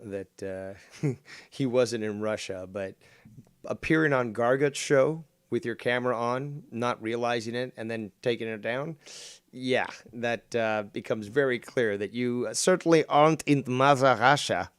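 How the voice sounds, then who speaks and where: A man's voice: medium pitch, unhurried, clear, resonant tone, no echo, studio quality. A man giving casual, rambling commentary on a stream clip, sarcastic and swearing freely.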